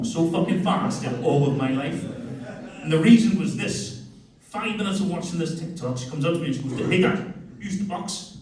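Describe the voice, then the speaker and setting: A man's voice: a little high, very echoey, recorded from a distance, rough recording. A man in his forties with a Northern Irish accent, telling crude family stories in a stand-up comedy set. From Northern Ireland. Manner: crude, storytelling, animated. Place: comedy club stage.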